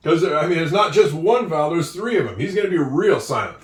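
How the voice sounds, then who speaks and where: Male teacher at a board, slightly high voice, recorded from a distance in an echoey room. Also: animated. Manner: slow, encouraging, with drawn-out words. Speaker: English teacher. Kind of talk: handwriting and spelling lesson. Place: room with a whiteboard.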